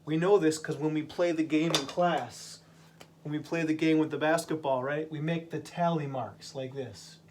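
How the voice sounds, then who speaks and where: A man teaching a vocabulary lesson to English learners, speaking slowly and patiently and repeating each word. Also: on the high side, fairly even intonation, a little hiss or hum.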